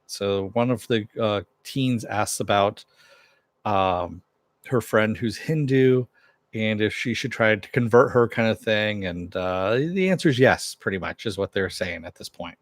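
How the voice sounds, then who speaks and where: A man's voice: lowish voice, measured pace, no echo, studio quality. A man giving a casual recap of a TV episode, retelling it loosely with fillers and asides. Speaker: TV episode reviewer.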